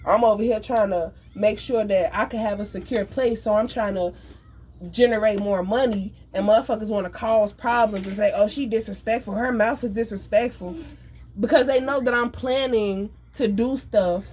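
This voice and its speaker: A woman's voice: mid-range voice, a little mellow. Angry ranting woman, faint hiss. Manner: angry, profane, rapid ranting. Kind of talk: emotional venting monologue.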